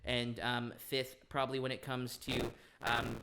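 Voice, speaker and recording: A young man, a podcast guest, chatting casually, animated, laughing often and restarting his sentences with many ums. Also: medium pitch, unhurried, creaky, background noise. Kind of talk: casual chat.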